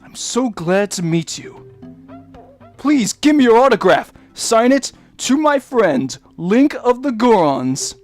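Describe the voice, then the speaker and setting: A man voicing a small, scared, eager Goron boy from a video game, in a soft, gentle, crying voice. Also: extremely high pitch, sing-song, slow, faint music behind, exaggerated voice. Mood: starstruck.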